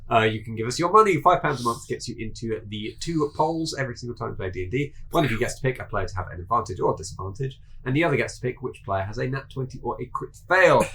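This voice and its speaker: A man's voice: mid-range voice, animated, fast, hardly any pauses, bright, forceful tone, slight background noise, poor audio. A man casually introducing his tabletop game character, jokey and loose, with some swearing.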